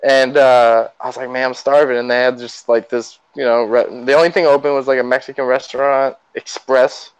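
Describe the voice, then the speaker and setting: A man's voice: medium pitch, steady tone, a little fast, few pauses, clear, resonant tone, no echo, low-quality recording. A young man co-hosting a podcast, easygoing and slangy, laughing often as he talks. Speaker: podcast co-host. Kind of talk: casual chat.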